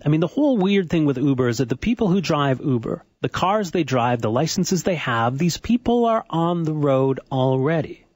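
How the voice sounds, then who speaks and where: A radio co-host who lays out the details calmly and steadily. His voice has a slight huskiness and sounds dry and close to the studio microphone. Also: fairly high pitch, normal speed, hardly any pauses, no room sound. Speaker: radio talk show co-host. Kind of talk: talk radio discussion.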